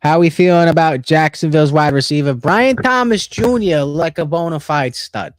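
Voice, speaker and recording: A young man co-hosting a casual football livestream, loose and profane, joking and jumping around in pitch. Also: fairly even intonation, brisk, darkish tone, clean tone, no echo, studio quality. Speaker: co-host of a fantasy football stream.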